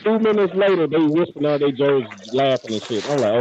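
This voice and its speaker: A man's voice: a little high, big pitch swings, fast, highs cut off, a crowd in the background. A man chatting casually on a video call, emphatic and telling stories with quoted asides. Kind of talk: casual chat.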